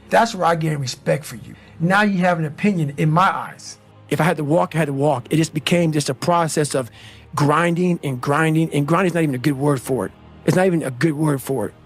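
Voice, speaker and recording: A man's voice: a little high, vocal fry, husky. A man giving an intense, blunt motivational speech in an emphatic manner. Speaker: motivational speaker.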